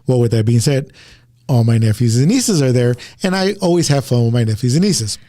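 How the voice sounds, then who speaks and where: A man's voice: mid-range voice, lively intonation, brisk, mellow. A man hosting a casual talk show, telling a story to listeners in a rambling way, often repeating words and starting over. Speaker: podcast host.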